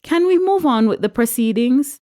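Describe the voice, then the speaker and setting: A flustered, formal male pastor voiced by a woman trying to keep order. His voice jumps high and strained with alarm, in a storybook reading. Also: expressive, normal speed, dark tone.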